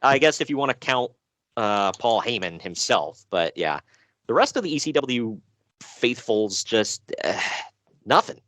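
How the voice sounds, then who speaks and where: Lively man chatting casually. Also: mid-range voice, a little slow, no echo. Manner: animated, laughing, sighing, fillers. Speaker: podcast co-host. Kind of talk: casual chat.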